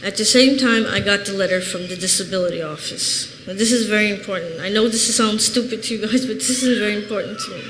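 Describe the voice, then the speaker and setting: A woman's voice: medium pitch, fast, hardly any pauses, fairly bright tone. A woman in her thirties from Chicago giving an earnest, plain-spoken personal testimony in a church. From Chicago, USA. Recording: reverberant church hall, faint noise.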